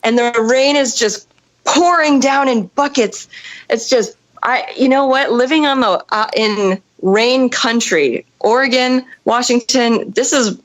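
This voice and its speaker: A woman's voice: a little high, a little slow, poor audio. A woman in her thirties telling a wild story casually, swearing and acting out other people's lines. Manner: animated, swearing, acts out voices. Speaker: guest storyteller.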